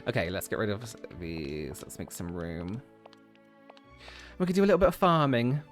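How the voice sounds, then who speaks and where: Over faint background music, a man plays a game on stream and chats loosely, laughing often as he rambles. His voice sits on the low side, swooping wildly in pitch at a moderate speed.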